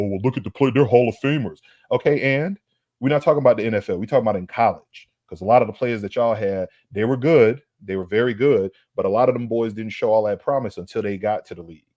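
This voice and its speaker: A man's voice: lowish voice, a little mellow, no room sound, muffled recording. A man co-hosting a sports podcast, trash-talking rivals in a brash, emphatic way. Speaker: podcast co-host. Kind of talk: heated sports banter.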